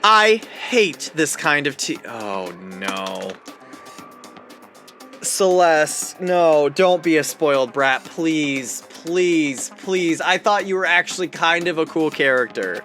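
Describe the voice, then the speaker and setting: A man's voice: fairly high pitch, slow, hardly any pauses, soft background music. A man streaming a visual novel, reacting and joking aloud between lines of dialogue. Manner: animated, reacts and jokes aloud. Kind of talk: let's play commentary.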